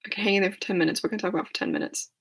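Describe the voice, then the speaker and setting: A hoarse young woman chatting casually on a livestream, rambling and laughing at herself. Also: mid-range voice, wildly swooping pitch, racing. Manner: rambling, giggly, self-deprecating. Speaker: livestream host.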